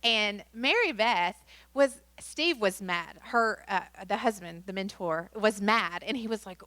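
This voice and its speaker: A woman's voice: fairly high pitch, animated, normal speed, a bit bright, dry recording. Woman leading a training session, casual and chatty, dry sound. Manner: chatty, many fillers, acts out quotes in story. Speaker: workshop presenter. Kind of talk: training workshop talk.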